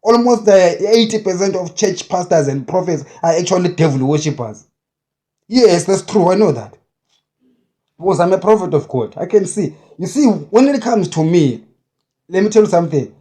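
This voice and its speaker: Fiery high-voiced preacher man. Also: animated, moderate pace. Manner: forceful, repetitive, hammering short phrases. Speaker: self-described prophet. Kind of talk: impassioned preaching monologue.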